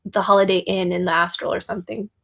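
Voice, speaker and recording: A woman guest who teaches psychic and shamanic yoga chats casually, telling stories with lots of laughter and filler words. Her mid-range voice is fast, level, creaky and slightly bright.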